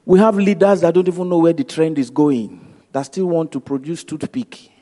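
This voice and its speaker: A man's voice: on the high side, fairly even intonation, moderate pace, dark tone. Emphatic Nigerian man in a big hall. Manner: emphatic, repetitive, acts out dialogue. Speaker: speaker. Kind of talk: motivational talk with storytelling. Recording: long hall reverb.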